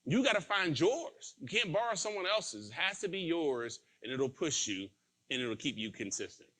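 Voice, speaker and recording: Bright-voiced man telling a story. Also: on the high side, very animated, normal speed. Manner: acts out quoted dialogue. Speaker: motivational sales trainer. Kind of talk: motivational storytelling talk.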